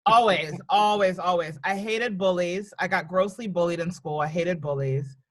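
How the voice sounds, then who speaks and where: A woman comedian from New York and Virginia, casually telling lively stories on a podcast and acting out the people in them. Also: lowish voice, normal speed. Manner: animated, acts out voices in anecdotes. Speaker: comedian guest.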